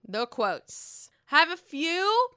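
A woman's voice: extremely high pitch, sing-song, very slow, pushed and bright. A woman casually recapping a reality show, gossiping, swearing freely and often laughing.

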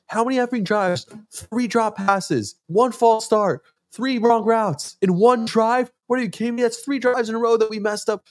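A man hosting a sports podcast, talking casually and with passion, acting out quotes with sudden leaps in pitch. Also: dry recording, studio quality. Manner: animated, acts out quotes with sudden jumps in pitch.

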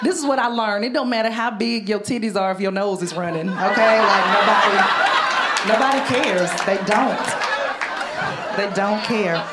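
A woman with a twang doing a stand-up comedy set in a club, animated and loud on her punchlines. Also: medium pitch, normal speed. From Southern United States. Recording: live club with loud crowd noise. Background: audience laughter and chatter.

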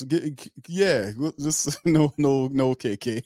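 A man's voice: mid-range voice, slow, dark tone, no echo, studio quality. A man hosting a sports fan livestream, ranting bluntly and mockingly with slang and cursing. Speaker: fan show host. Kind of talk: heated fan commentary on a livestream.

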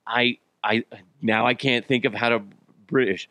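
A man's voice: mid-range voice, little pitch movement, moderate pace, sharp tone, dry recording. A man hosting a casual solo podcast, rambling and joking at his own expense, swearing freely and laughing often while he's a bit sick. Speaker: podcast host.

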